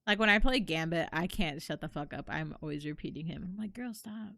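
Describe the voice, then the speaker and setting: A woman's voice: deep voice, fast, vocal fry, pushed and bright. A young woman chatting casually and rambling while she plays and comments on a horror game. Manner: chatty, rambling, self-deprecating. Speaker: streamer.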